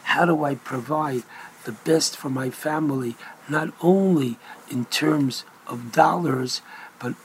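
A man giving a Torah lecture as a rabbi, speaking deliberately and with emphasis, mixing in Hebrew terms. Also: fairly high pitch, a little hiss or hum, low-quality recording.

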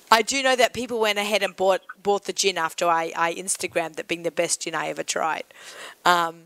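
A woman's voice: on the low side, fairly even intonation, moderate pace, fairly bright tone, no room sound. A woman hosting an interview, chatting casually and enthusiastically with her guest. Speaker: podcast host.

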